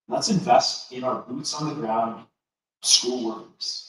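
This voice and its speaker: A man's voice: mid-range voice, moderate pace. A man giving a prepared public comment at a board meeting, earnest and persuasive. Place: large meeting room. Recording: echoey hall from far off, faint noise.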